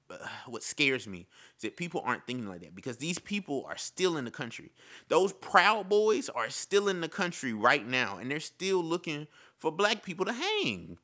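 Impassioned man with a bright, lively voice. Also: fairly high pitch. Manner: impassioned, repetitive, says "bro". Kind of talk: casual opinion monologue.

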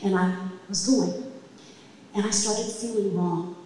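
A middle-aged woman telling a personal story on a comedy club stage, emphatic and impassioned, building to loud peaks. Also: medium pitch, fairly even intonation, takes it slowly. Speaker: storyteller at a live event. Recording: distant mic, echoey hall reverb, faint noise.

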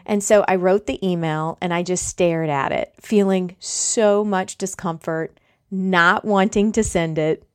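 A woman's voice: on the low side, steady tone, a little slow, smooth. A woman coach hosting a solo podcast, talking in an emphatic, conversational, motivational way.

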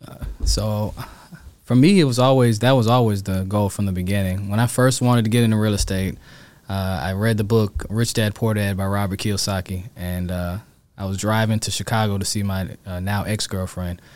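A man's voice: lowish voice, moderate pace. A man, a real estate agent telling his story in a casual interview and acting out quoted voices. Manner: animated, acts out quotes in a raised voice.

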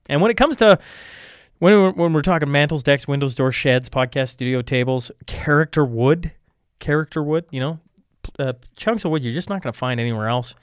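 A Canadian man hosts a podcast while fighting a cold, rambling through sponsor ad reads in a casual intro and tripping over his words with self-deprecating asides. His medium-pitched voice is clear and resonant, captured in a dry, studio-quality recording.

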